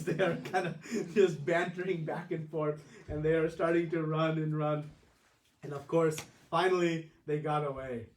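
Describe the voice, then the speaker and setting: A male preacher telling a sermon story in an animated way, laughing often. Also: a little high, a little hiss or hum. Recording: roomy distant mic.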